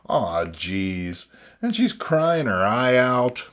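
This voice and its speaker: Slow, sardonic man riffing on old comics. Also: mid-range voice, big pitch swings, a bit bright. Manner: sardonic, jokey asides, lots of "you know what I mean". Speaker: host reviewing old comics. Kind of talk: casual comedic commentary.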